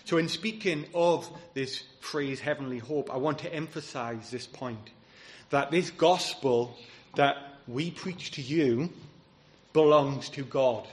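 A man's voice: mid-range voice, takes it slowly. A man preaching a sermon as pastor, earnest and emphatic, citing scripture as he goes.

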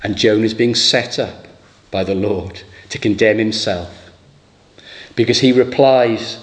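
A man's voice: fairly low pitch, a little slow. A man preaching a sermon, asking rhetorical questions and voicing scripture dramatically.

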